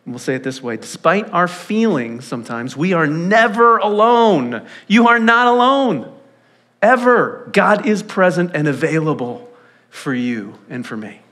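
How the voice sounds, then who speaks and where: Inside a church sanctuary, a high-voiced pastor preaches at an unhurried pace. His storytelling is lively and animated, slipping into the voices of the people he quotes.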